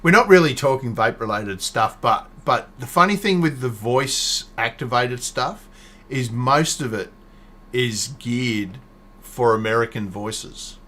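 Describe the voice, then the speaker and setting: A man's voice: mid-range voice, measured pace, pushed and bright. A man hosting a casual online chat show, talking in a rambling way, laughing often and restarting his sentences. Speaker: podcast host. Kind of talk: casual video-call chat.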